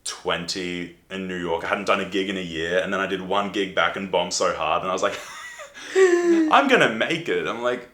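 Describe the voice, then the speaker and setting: A man's voice: low-pitched, level tone, brisk, hardly any pauses, pushed and bright. A young man, a comedian hosting a casual chat, self-deprecating and acting out funny voices. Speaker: comedian and host. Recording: echoey room.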